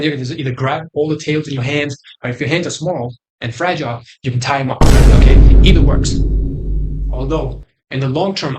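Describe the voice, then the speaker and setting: A young man hosting a crude comedic tier list, boastful and rambling, with sudden loud outbursts. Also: medium pitch, breathy edge. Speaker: host.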